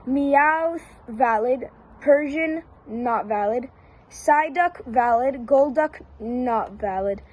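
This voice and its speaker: A woman giving casual one-word verdicts down a long list, flat and repetitive with brief hesitations. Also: high-pitched, poor audio. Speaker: YouTuber.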